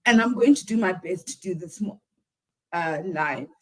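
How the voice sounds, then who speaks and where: Halting, teary woman hosting a live stream. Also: fairly low pitch, lively intonation, low-quality recording. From South Africa. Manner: halting, with many sighs and pauses. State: teary, close to crying. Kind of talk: casual live-stream talk.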